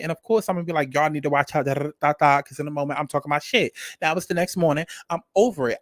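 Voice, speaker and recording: Man, slightly high voice, dry close sound, rambling profane commentary, repetitive, animated. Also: no echo. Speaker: reality TV reviewer. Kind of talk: casual commentary rant.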